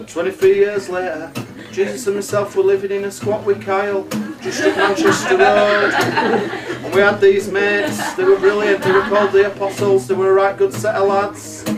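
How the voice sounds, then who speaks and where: Sweary man, high voice. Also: completely flat delivery, moderate pace. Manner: sweary, laughs at his own jokes. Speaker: comic storyteller. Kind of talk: comic storytelling over music. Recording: roomy live recording, mic at a distance, loud music.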